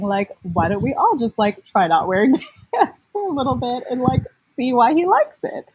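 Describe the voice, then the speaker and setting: A woman's voice: medium pitch, lively intonation, moderate pace, slightly rough, muffled recording. A woman in her forties, a mom blogger, chatting casually as an interview guest with lots of fillers and easy laughter. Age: 40s.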